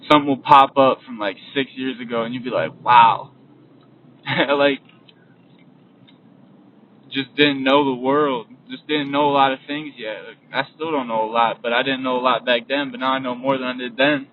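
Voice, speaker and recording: Speaking with fairly even intonation at normal speed, a young man with a medium-pitched voice rambles through a motivational podcast talk as he drives. He keeps circling back, repeating points and abandoning sentences to begin again. The audio is distant and phone-quality, with faint road noise.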